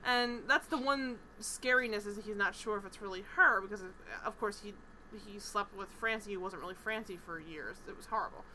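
A woman co-hosting a casual TV recap chat, animated, swearing freely and acting out characters' lines. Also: mid-range voice, a little fast, a little hiss or hum, rough recording. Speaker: podcast co-host.

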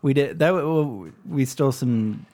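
A man's voice: mid-range voice, moderate pace, a little mellow. A man appearing as a guest on a comedy podcast, stammering out flustered protests.

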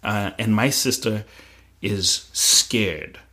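Man, low voice, personal storytelling, vivid present-tense retelling, fillers. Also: extremely slow, pushed and bright. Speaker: guest.

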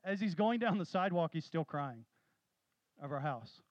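A man preaching a sermon, telling stories with animated, rising emphasis. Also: a little high, normal speed, no room sound, muffled recording. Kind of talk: sermon with storytelling.

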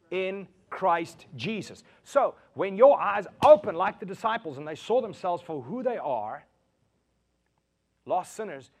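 A man preaching a sermon in an animated way, acting out quotes and laughing often. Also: high-pitched. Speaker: pastor.

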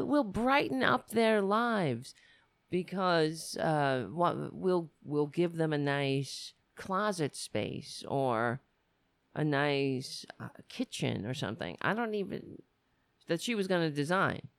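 Sardonic lady ranting in a comic monologue, lots of pitch swings, dry close sound. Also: takes it slowly, no echo. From United States. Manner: sardonic, rambling, animated. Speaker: comedian. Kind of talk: stand-up style comic monologue.

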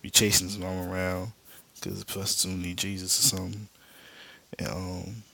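A man's voice: low-pitched, flat delivery, moderate pace, creaky, pushed and bright. A man hosting a podcast, casually recapping a comic book storyline in loose, slangy storytelling with spoken sound effects. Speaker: podcast host.

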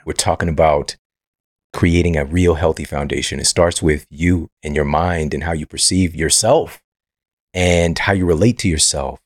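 Podcast host dude, really low voice, dry close mic, earnest. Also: male voice, fairly even intonation, moderate pace, no room sound. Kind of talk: casual interview talk.

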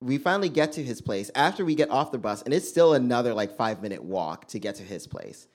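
A young man telling a stand-up story on a club stage, swinging between loud punchlines and muttered asides. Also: medium pitch, big pitch swings, fast talker. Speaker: stand-up comedian.

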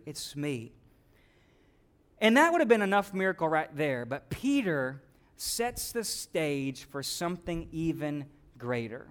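A man preaching a sermon with dynamic delivery, rising to loud exclamations and dropping to hushed quotes. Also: high voice. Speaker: pastor.

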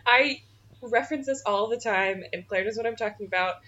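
A woman's voice: a little high, a little fast, sharp tone. A young woman co-hosting a podcast, laughing often as she reads memes aloud in casual chat. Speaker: podcast co-host. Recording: slightly dull, faint noise.

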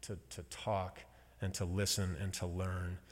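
Halting, heartfelt man in a hall. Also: low voice, level tone. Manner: slow, halting, emotional storytelling with pauses. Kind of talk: personal sermon to a congregation. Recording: long hall reverb.

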